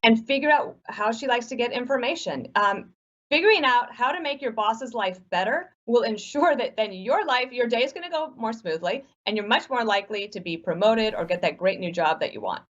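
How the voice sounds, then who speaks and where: A woman guest on a radio interview who tells brisk, practical anecdotes. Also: a little high, expressive, lo-fi sound. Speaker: guest author.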